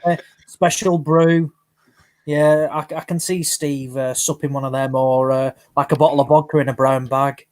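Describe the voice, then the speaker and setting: A man's voice: mid-range voice, level tone, moderate pace. A man joining casual live-stream banter and ribbing the others. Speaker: guest panelist.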